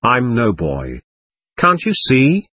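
A man's voice: medium pitch, wildly swooping pitch, slow pace, bright, forceful tone, dry recording, heavily acted. A man reading as a willful little ghost girl. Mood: defiant, sulking. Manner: petulant, defiant. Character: angry spirit of a young girl, willful and stamping. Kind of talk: audiobook reading of a seance record.

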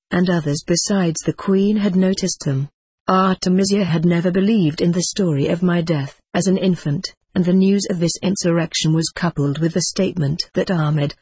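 An audiobook narrator reading a first-person historical tale in a measured, even way. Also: medium pitch, breathy edge, no room sound. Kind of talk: scripted narration.

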